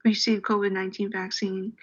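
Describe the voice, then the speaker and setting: A woman on a health board discussing wording in a meeting, talking in halting starts and restarts. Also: mid-range voice, level tone, highs cut off.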